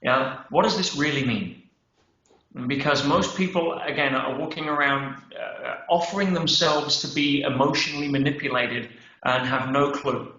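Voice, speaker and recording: A man's voice: mid-range voice, normal speed. A male guest on a conversational interview, talking emphatically and often checking in with "yeah?" and "right?". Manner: emphatic, animated storytelling with acted-out quotes; peppers speech with "yeah?" and "right?". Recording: roomy, dull podcast audio.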